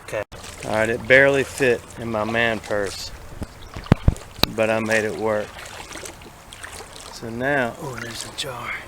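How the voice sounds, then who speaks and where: A man, chatting excitedly to himself and his viewers as he searches a creek outdoors. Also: medium pitch, unhurried, long pauses. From Alabama. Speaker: vlogger. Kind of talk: casual outdoor narration. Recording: outdoor recording with clear background noise.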